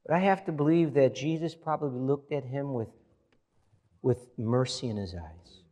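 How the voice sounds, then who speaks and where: A man's voice: medium pitch, normal speed, dark tone. A man preaching a sermon as pastor, reading scripture aloud and building emphasis as he goes.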